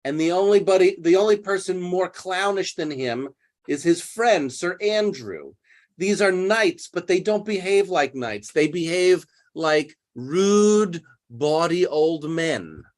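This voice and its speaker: A man's voice: high-pitched, lively intonation, takes it slowly. A man teaching English, retelling a play and explaining words in plain terms. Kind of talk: literature lesson retelling a play.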